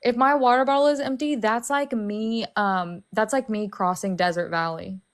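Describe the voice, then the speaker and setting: A young woman from Alabama with a light Southern accent that sounds almost Californian, chatting fast and bubbly on a family livestream. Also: a little high, fairly even intonation. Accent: light Southern, mostly Californian-sounding. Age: young adult. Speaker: paralegal guest. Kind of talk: casual livestream chat.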